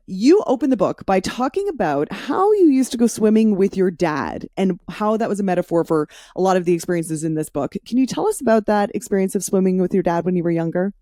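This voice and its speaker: A woman's voice: medium pitch, warm tone, no room sound, clean studio sound. A woman hosting a podcast, enthusiastic and chatty in casual conversation. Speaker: podcast host.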